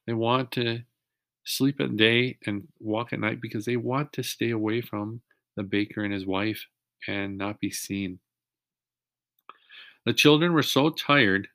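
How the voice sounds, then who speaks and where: A fairly low-pitched man reads a children's chapter book aloud at an even, patient pace. He sounds like a reader sharing a story with young listeners, stopping now and then to ask them questions. The recording is plain and close. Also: no echo.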